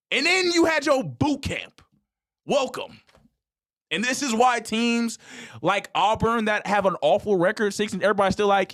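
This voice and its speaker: A man's voice: very high voice, a bit bright. A man co-hosting a sports talk show, ranting and mock-quoting others in casual slang. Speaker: podcast co-host.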